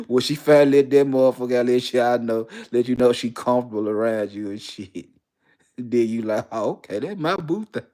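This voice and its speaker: A man's voice: mid-range voice, little pitch movement, normal speed, warm tone. A man hosting a casual monologue, talking with lots of profanity and animation and often breaking into laughter mid-sentence. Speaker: host.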